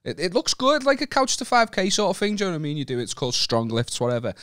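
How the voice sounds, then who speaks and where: A man's voice: sits high, wildly swooping pitch, fast, a bit bright, clean tone, dry recording, clean studio sound. A northern English man, a podcast co-host telling rambling, self-mocking stories in casual banter. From northern England. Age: 30s.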